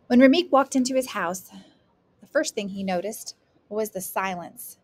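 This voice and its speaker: A woman narrating a chapter of a novel in an even, unhurried storytelling voice. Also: mid-range voice. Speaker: audiobook reader. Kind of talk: scripted narration.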